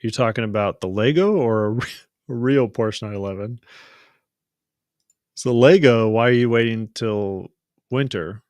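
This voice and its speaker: A man hosts a casual live-stream hangout, chatting, laughing often and telling stories, frequently restarting mid-sentence. His medium-pitched, slightly mellow voice is unhurried, with long pauses and no echo.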